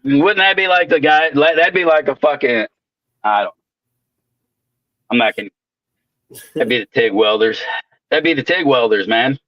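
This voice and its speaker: A man's voice: mid-range voice, normal speed, pauses often, dry recording, muffled recording. A man telling rowdy work stories in casual, profane chat, swearing constantly. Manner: swaggering storyteller, swears constantly. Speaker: welder co-host.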